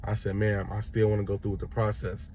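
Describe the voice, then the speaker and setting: Gravelly-voiced young man telling a story. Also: lowish voice, brisk, a little hiss or hum. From Chicago, Illinois. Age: young adult. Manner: animated retelling, acts out other voices. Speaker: vlogger. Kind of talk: casual storytelling to camera.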